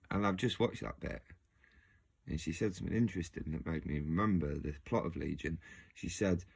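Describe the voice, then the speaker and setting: A man's voice: sits low, moderate pace, vocal fry, breathy edge. A man musing casually to his video audience, rambling and restarting his sentences. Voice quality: rambling, self-interrupting, frequent restarts. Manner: animated, laughs often. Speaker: video host.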